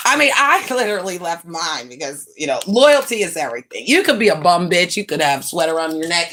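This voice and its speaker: Animated, slangy woman livestream host. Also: fairly quick, few pauses. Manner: animated, swings pitch up for greetings and quotes; slangy, profane, laughing asides. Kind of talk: casual gossip chat to viewers.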